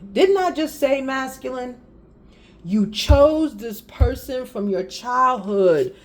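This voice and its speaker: A tarot reader casually does a spiritual card reading, speaking straight to viewers with laughter and exasperated asides. Her high, sing-song voice moves extremely slowly.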